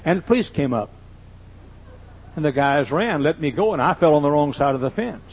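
A man's voice: on the high side, lively intonation, fairly quick. An older man, a pastor, telling folksy, joking anecdotes in a sermon. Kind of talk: humorous sermon storytelling. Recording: dull lo-fi sermon recording.

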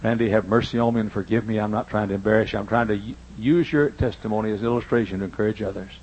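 An older man preaching a sermon in church, telling personal stories and swinging between loud emphasis and hushed asides. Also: on the low side, steady tone, very fast, lo-fi sound, a little hiss or hum. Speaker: pastor. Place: church sanctuary.

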